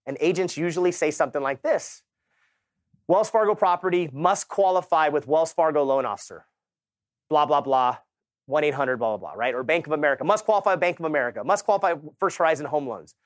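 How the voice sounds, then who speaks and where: A man in his thirties tells a motivational sales story with casual slang, and he jumps into the voices of the people in it as he goes. His voice sits a little high for a man. The sound is close and dry. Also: a little fast, dry recording. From Southern California. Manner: animated storytelling, acts out quoted people. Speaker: keynote speaker.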